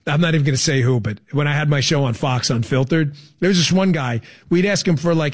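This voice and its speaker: Fired-up high-voiced male talk host. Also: quick pace, few pauses. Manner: fired-up, emphatic, swings between loud bursts and low asides. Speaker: radio and podcast host. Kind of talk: opinionated political talk show. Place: studio with a co-host.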